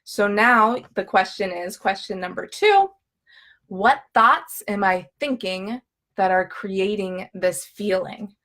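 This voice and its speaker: A woman's voice: medium pitch, expressive, slow, a bit bright. A woman coaching viewers in a live talk, upbeat and chatty, often checking in with "okay?" and acting out her own inner thoughts with drama. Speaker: emotional eating coach.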